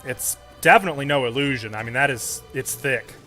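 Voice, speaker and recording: Bright-voiced man running a tabletop game. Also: mid-range voice, fairly quick, soft background music. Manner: patient, explaining rules. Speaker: game master.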